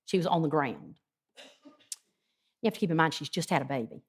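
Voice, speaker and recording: Lower-pitched woman telling a testimony. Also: lively intonation, fairly quick, breathy edge. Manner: earnest storytelling with frequent ums and hesitations. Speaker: guest speaker. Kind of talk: retelling a testimony at a Bible study.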